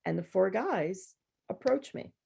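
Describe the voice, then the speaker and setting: A woman poet who is a guest at a university event, telling a story in a lively, conversational way and acting out other people's voices. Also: mid-range voice, measured pace, vocal fry, breathy edge.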